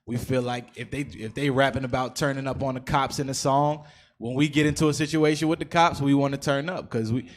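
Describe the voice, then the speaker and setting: Man, mid pitch, earnest, explanatory, casual panel talk. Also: fairly even intonation, fairly quick. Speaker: panel member. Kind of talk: casual discussion.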